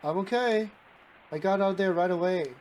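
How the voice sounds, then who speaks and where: A man voicing a stern young woman who turns shrill when startled, while reading a visual novel aloud. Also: normal speed, a little mellow, close to an everyday voice, rough recording. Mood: flustered. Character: stern young woman, jumpy and easily flustered.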